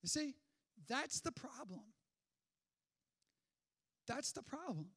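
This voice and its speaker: A man preaching a sermon in an energetic, conversational way, full of rhetorical questions and quick restarts. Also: extremely high pitch, husky. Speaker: pastor.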